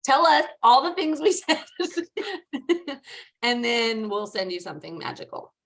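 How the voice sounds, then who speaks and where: A woman with a slightly high voice chats casually over a video call. She jumps in with quick, teasing remarks and laughs easily. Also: very animated, a bit bright. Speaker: podcast co-host. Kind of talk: casual chat.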